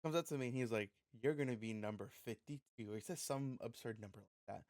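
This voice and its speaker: A young man co-hosting a podcast, telling an animated, profane story in casual chat. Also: mid-range voice, quick pace, dry recording, clean studio sound. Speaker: podcast co-host.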